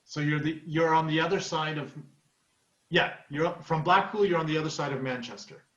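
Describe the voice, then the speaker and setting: Man, slightly high voice, curious questions, roomy room, dull lo-fi call audio. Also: a little fast, a bit bright. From Germany. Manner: curious, asks short questions, repeats himself.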